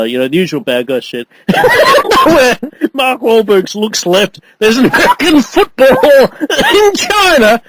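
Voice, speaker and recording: A man's voice: very high-pitched, wildly swooping pitch, measured pace. A man casually reviewing a movie with a co-host, rambling, laughing often and acting out characters. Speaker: podcast co-host. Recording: noisy amateur podcast recording.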